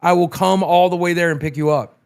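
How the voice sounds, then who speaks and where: A man's voice: high voice, fairly even intonation, a little fast, a little mellow, clean tone. A man co-hosting a live stream, talking casually, emotional and profane, short on sleep. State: sleep-deprived. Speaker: streamer co-host.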